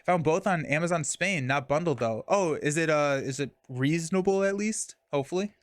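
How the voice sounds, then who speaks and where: A man's voice: fairly high pitch, brisk, dry recording, studio quality. A young man casually streaming a card game, talking through his moves and chatting with viewers. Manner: chatty, reads chat and thanks viewers mid-game.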